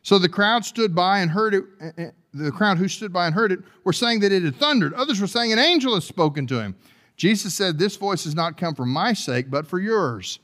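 A pastor with a notably high-pitched voice delivers a sermon, often repeating and restarting words. He swings between quiet, low passages and loud, climbing preaching.

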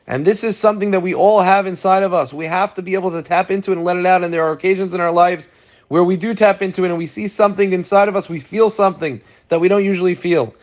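A man's voice: fairly high pitch, dull audio. A man giving an earnest sermon, telling a story to make his point. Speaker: preacher.

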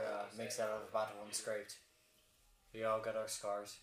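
A man's voice: lowish voice, completely flat delivery, moderate pace, creaky. A man playing his character at a tabletop game, in a polite and wry way. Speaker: player. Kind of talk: in-character role-play. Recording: roomy echo with crowd chatter.

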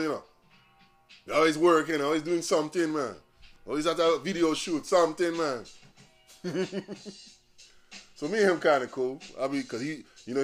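A man hosting a podcast, ranting casually in profane, animated street slang. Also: on the high side. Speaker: podcast host. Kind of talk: casual rant.

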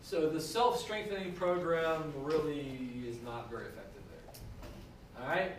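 Man teaching history, higher voice, recorded from far off in an echoey classroom with background noise. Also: unhurried. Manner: conversational, checks in with students. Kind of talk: classroom lecture.

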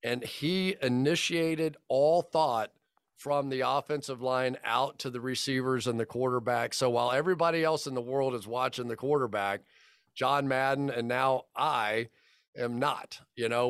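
A man in his fifties tells football stories in a relaxed podcast chat. He rambles and restarts often, slipping into quoted dialogue. His voice sits at an ordinary middle pitch, recorded close and dry. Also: moderate pace, smooth, no echo. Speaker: football broadcaster guest. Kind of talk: casual podcast storytelling.

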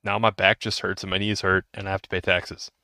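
Deep-voiced and brisk, a man in his thirties co-hosts a podcast with a flat yet bright, forceful delivery. His casual chat rambles with restarts and laughs, and the studio recording is clean with no room sound.

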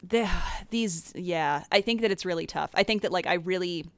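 A woman in a casual chat about game lore, excited and full of fillers and swearing. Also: lowish voice, moderate pace, clear, resonant tone, no room sound.

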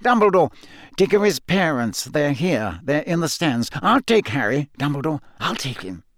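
An agitated middle-aged official from a storybook, loud and pushy, his voice pitched well above the narrator's own. He fusses and insists on taking charge, as a male reader puts him on. The recording is dry, close and without room sound. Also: sing-song, unhurried, creaky, husky, dry recording, exaggerated voice. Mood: flustered. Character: flustered middle-aged male government minister.

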